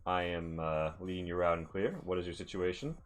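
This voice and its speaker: A man's voice: low-pitched, fairly even intonation, brisk, faint music behind, pitched below the performer's own voice, close to an everyday voice. A man doing a stiff radio dispatcher. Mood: businesslike. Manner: stiff, procedural radio talk. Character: formal male radio dispatch operator.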